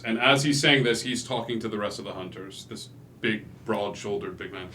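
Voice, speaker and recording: A man's voice: lowish voice, moderate pace, slight background noise. A man narrating as game master in a tabletop game, talking casually with many fillers. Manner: loose, filler-heavy narration that builds to loud excitement.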